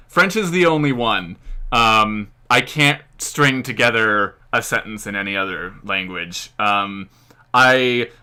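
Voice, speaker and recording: Bright, crisp-voiced American man chatting. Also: on the low side. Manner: rambling, many fillers, chuckles often. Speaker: history channel host. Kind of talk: casual live-stream Q&A chat.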